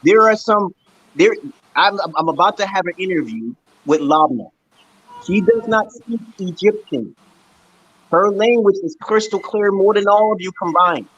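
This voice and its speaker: Stream host, male, from Brooklyn; insistent lecturing delivery, husky tone, muffled lo-fi sound. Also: high-pitched, normal speed, a bit bright. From Brooklyn, New York, USA. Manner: emphatic, repetitive, insistent. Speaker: livestream host. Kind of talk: lecturing livestream chat.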